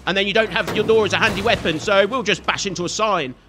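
A man's voice: high voice, quick pace, noisy background. A man giving chatty, jokey let's-play commentary and scolding the enemies on screen. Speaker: gaming video host.

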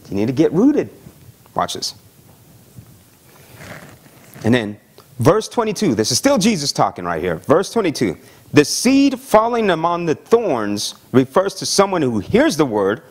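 Lively, animated male pastor preaching. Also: a little high. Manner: animated, conversational preaching with frequent "okay?" and "watch this"; acts out voices of excited young believers. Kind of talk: sermon.

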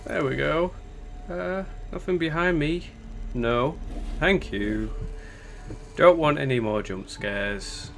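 A man's voice: a little high, animated, takes it slowly, vocal fry, pauses often, a bit bright, a little hiss or hum. Jumpy, swearing male game commentator. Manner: jumpy, swears a lot, frightened exclamations. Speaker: gameplay commentator. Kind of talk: horror game playthrough commentary. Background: game music.

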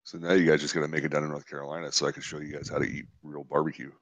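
A man co-hosting a podcast, who throws in quick jokes during casual chat. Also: very deep voice, little pitch movement, dull audio. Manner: quick joking interjections.

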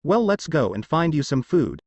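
A man's voice: a little high, big pitch swings, normal speed, a little mellow, no room sound. A man voicing an authoritative adult ninja uncle in a storybook reading. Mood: commanding.

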